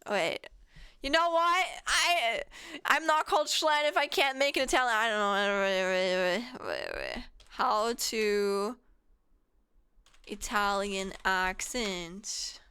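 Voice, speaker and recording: A woman's voice: mid-range voice, slow pace, sharp tone, clean tone. A German woman streamer chatting casually and laughing a lot with her chat, with a German accent. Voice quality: giggly, self-deprecating banter with chat. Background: game music.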